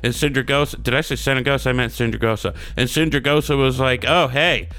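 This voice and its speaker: A man's voice: medium pitch, fairly even intonation, fast talker, a bit bright, clear, resonant tone. A man co-hosting a podcast, retelling a story in a laid-back, crude and sarcastic way. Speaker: podcast co-host. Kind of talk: casual chat recapping a game questline.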